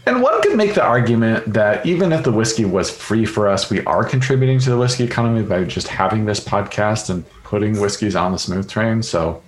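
A man with a lowish voice chats easygoingly on his podcast, dropping fillers and jokes as he goes. The sound has a noticeable room echo around it. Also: expressive, a little fast, hardly any pauses. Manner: easygoing, jokey, many fillers. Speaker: podcast co-host. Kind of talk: casual podcast chat. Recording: roomy echo.

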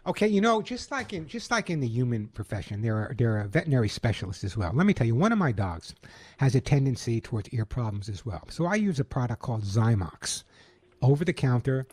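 A middle-aged man with a Long Island New York accent, hosting a call-in radio show in an upbeat, lively way. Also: mid-range voice, brisk. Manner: upbeat, lively promotional delivery.

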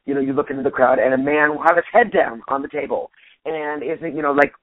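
A husky woman in her forties, a stand-up comedian nearly losing her voice, talking in an animated, casual way and restarting her sentences. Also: sits low, fast, dry recording. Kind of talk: casual interview chat. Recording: tinny dry phone line.

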